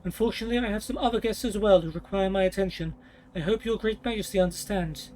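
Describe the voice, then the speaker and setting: A man's voice: high-pitched, quick pace, a little mellow, close to an everyday voice, poor audio. A man voicing a scheming, ambitious queen mother who speaks in a cool, condescending way. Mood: polite. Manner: cool, cutting, politely condescending.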